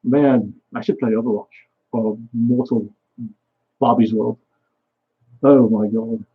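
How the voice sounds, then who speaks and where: A man's voice: medium pitch, steady tone, slow pace, slightly rough, narrow, tinny audio. A young man vlogging a rambling solo monologue, swearing often and trailing off mid-thought.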